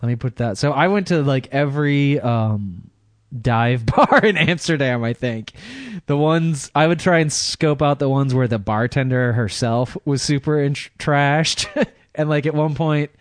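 A man's voice: medium pitch, unhurried, dry recording, studio quality. A man on a podcast, telling a rambling story in casual chat, laughing through it. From Michigan. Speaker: podcast regular.

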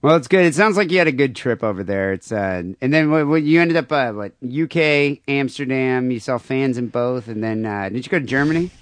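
A man's voice: mid-range voice, brisk, few pauses, dry recording. A man hosting a podcast, teasing his guest in casual chat. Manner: teasing, wisecracking. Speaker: podcast host.

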